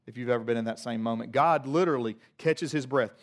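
A man preaching a sermon to a congregation, moving from quiet reflective passages to loud emphatic peaks, with humorous asides. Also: medium pitch, quick pace. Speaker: pastor.

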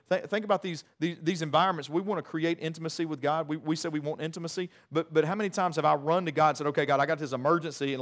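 A middle-aged man, preaching a sermon in a conversational, animated way with many restarts. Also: on the high side. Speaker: pastor.

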